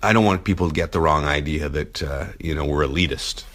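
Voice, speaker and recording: A man's voice: rumbling low, fairly quick, fairly bright tone. A man hosting a casual podcast chat in a hotel suite, playful and laughing often as he spins hypotheticals. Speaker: podcast host.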